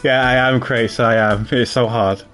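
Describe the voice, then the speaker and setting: A man's voice: mid-range voice, fairly even intonation, normal speed, fairly bright tone, faint music behind. A man streaming a video game, chatting casually with friends and laughing at himself. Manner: laughing, self-deprecating, chatty. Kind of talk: casual chat while playing a game.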